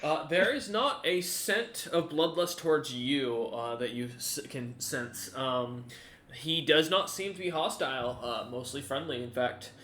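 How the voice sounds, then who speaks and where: A man narrating as game master in a tabletop game, casual and halting with many fillers. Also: medium pitch, sharp tone, echoey room.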